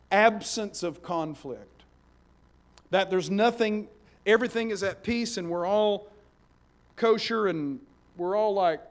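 A man preaches a sermon in a high voice. He moves between hushed, slow passages and loud, emphatic bursts. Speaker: pastor.

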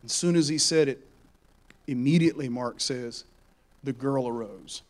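A man preaching a sermon, dramatic and emphatic, dropping to hushed whispers and then building to loud exhortation. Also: mid-range voice, moderate pace.

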